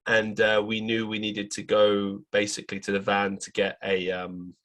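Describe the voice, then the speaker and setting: A man's voice: lowish voice, normal speed. A young man hosting a podcast, telling a story in a casual monologue and acting out the people he quotes. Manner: animated retelling, quoting others in raised voices. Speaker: podcast host.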